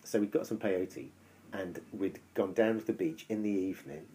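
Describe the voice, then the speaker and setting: In loose, casual chat, a man with a very low, deep, dark voice tells a long story at normal speed. He rambles, backtracks, and swears freely along the way.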